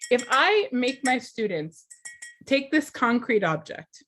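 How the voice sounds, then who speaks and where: A woman giving a class lecture as a teacher trainer. She speaks clearly and deliberately and keeps asking the class questions. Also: fairly high pitch, very animated, fairly bright tone, a little hiss or hum.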